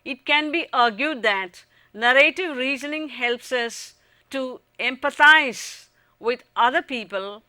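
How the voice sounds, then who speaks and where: A woman with an Indian English accent reading a scripted lecture on teaching, in an even, formal way. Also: sits high, takes it slowly, dry recording. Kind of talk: scripted educational narration.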